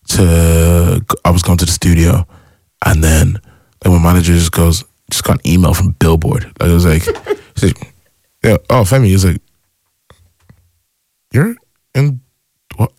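A young man from Ireland, a music artist guest, chatting casually and acting out his own excited reactions as he tells stories. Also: deep voice, moderate pace, no echo, clean studio sound. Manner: excitable storyteller who acts out past reactions. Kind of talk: casual interview chat.

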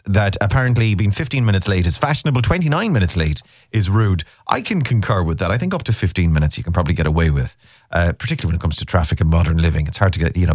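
A man's voice: fairly low pitch, a little mellow, no room sound, studio quality. A man hosting a radio show in casual, teasing banter, laughing easily. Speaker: radio host.

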